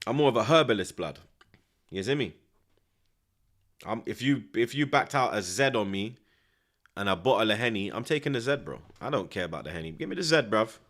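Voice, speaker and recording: A young man, chatting casually in street slang and reacting live to a football match. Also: on the low side. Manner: animated, street slang, frequent tag questions. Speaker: streamer.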